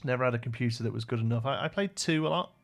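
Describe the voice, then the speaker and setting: A young British man talks casually through a game livestream, rambling and muttering as he works and answering viewers' questions. His mid-pitched voice has a gravelly, creaky edge. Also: very fast. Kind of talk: casual live-stream chat while building.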